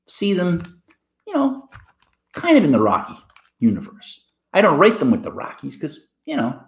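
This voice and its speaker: Give me an older man host rambling through sports opinions in a roomy, echoey space. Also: mid-range voice. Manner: animated, rambling, lots of fillers and restarts. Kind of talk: casual opinion rant to camera.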